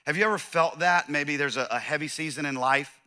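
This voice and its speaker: A pastor giving a conversational sermon, telling a story with animated, self-deprecating humor. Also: male voice, on the high side, brisk, clear, resonant tone. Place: church.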